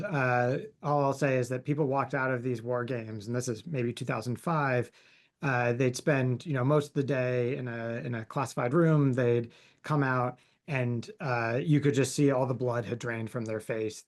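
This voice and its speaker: A man being interviewed about his book over a video call, answering thoughtfully and in a storytelling way. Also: medium pitch. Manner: thoughtful, storytelling, speeds up at times. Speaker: author and guest expert.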